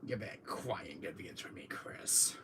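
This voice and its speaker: A man doing an impression of a cold, menacing male villain in sunglasses, talking slowly, low and quietly. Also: expressive, noisy background. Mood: cold menace. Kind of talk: amateur impression of a game villain.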